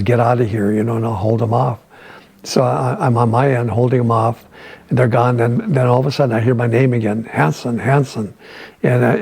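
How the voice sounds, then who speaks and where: An older man being interviewed at home, telling a war story in a halting way with many restarts and repeated words. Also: medium pitch, gravelly, a little mellow, breathy edge. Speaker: veteran interviewee.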